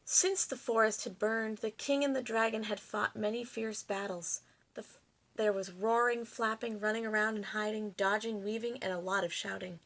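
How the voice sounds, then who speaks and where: Expressive woman reading a children's book. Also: mid-range voice, normal speed. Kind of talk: children's read-aloud.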